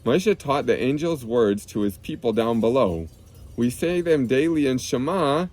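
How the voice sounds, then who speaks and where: Gentle man reading to children. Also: mid-range voice, animated, moderate pace, slight background noise. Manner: gentle, explains terms simply for kids. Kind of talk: reading a children's book aloud with commentary. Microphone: clip-on lapel mic.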